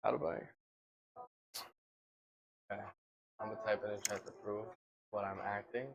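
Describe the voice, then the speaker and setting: A man's voice: fairly low pitch, fairly even intonation, moderate pace, vocal fry, lo-fi sound. A young man chats on a livestream in a loose, joking way. His talk is slangy and offhand, with a casual, everyday delivery. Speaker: streamer.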